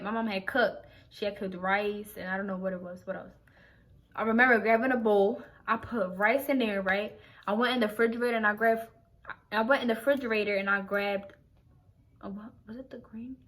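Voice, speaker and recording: Speaking in a mid-range voice with a fairly bright tone, this young Philadelphia vlogger shares a laid-back story with her viewers. She uses slangy, profane language, says "like" constantly, and keeps starting her sentences over.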